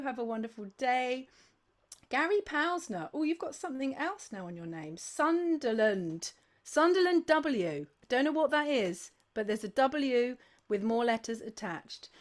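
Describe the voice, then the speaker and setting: Female livestream host, slightly high pitch, effusive and chatty, rattles off viewer names. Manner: effusive, gushing thanks. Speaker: host of a sing-along livestream. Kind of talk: casual livestream chat.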